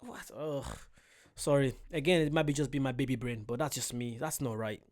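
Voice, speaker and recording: A man casually reacting to street interviews, talking in an animated, rambling way and often cutting himself off. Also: mid-range voice, normal speed. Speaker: reaction video host.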